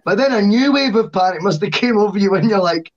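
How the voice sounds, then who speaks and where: A man's voice: sits high, lively intonation, fast talker. A man co-hosting a podcast, chatting casually with keen, chatty reactions. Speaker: podcast co-host. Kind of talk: casual chat. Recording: dull lo-fi sound.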